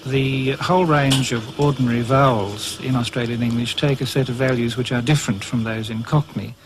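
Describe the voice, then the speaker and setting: A man, a language scholar, explaining in a measured, academic way. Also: mid-range voice, fairly even intonation, noisy background. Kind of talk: interview explanation.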